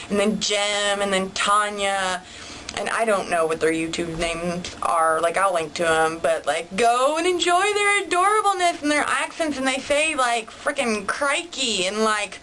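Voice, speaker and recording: A woman's voice: medium pitch, fairly bright tone, slight background noise, poor audio. A young woman, chatting casually to camera in a bubbly, rambling way. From United States. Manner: bubbly, rambling, heavy use of "like". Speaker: vlogger.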